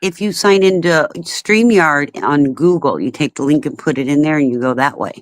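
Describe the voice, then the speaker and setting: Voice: mid-range voice, moderate pace, dry recording. A speaker on a group live stream, supportive and agreeable toward the others. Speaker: stream participant.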